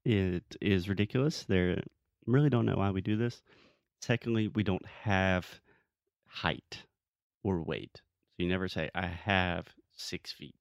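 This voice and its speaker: A man's voice: deep voice, a little slow, gravelly, clear, resonant tone, dry recording, muffled recording. A young man teaching English in a casual chat, patiently correcting mistakes and explaining grammar rules. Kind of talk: casual podcast lesson.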